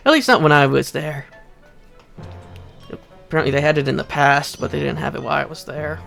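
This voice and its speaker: Young man, casual gameplay commentary, chatty, self-deprecating, gravelly, slightly high. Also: fairly bright tone. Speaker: let's play host.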